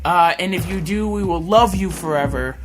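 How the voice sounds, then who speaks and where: A man's voice: high-pitched, moderate pace, over music. A young man co-hosting a casual podcast, laughing often and swearing casually. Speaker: podcast co-host. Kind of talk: casual chat.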